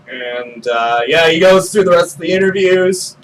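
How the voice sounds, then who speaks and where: A man running a tabletop game as game master, laughing often and halting on fillers. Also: on the high side, animated. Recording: distant mic with faint noise.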